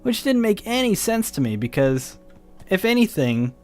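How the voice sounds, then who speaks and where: A man's voice: sits high, normal speed, faint music behind. A tired young man telling a rambling story in a casual way while he plays a game, acting out both sides of the conversation. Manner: rambling, animated, mimics the other side of the conversation. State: tired, yawning. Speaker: gaming video host.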